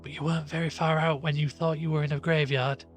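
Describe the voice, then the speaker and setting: A man doing a brisk, commanding squire. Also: fairly high pitch, little pitch movement, soft background music, pitched above the performer's own voice, lightly acted. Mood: grave.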